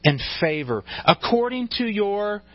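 A man's voice: high-pitched, sing-song, unhurried, highs cut off. A man preaching a sermon in a conversational way, restarting phrases and joking with his congregation. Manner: conversational, with frequent restarts and asides. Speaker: pastor.

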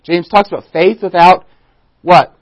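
A man's voice: sits high, steady tone, a little slow, dry recording, rough recording. A man teaching a Bible study in a church, who asks the audience questions, restarts his sentences and leans on key words. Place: church room.

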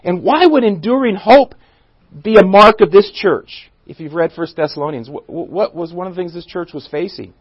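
A man with a high voice teaches a Bible passage in a church. He asks his listeners questions, stumbles and restarts, and stresses key words. The recording is dry and muffled. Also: normal speed, husky, no echo. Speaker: pastor teaching a Bible study. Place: church room.

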